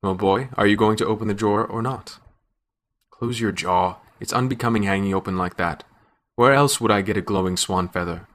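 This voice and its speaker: A man reading a story aloud in first person, with measured, scripted narration. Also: lowish voice, fairly bright tone.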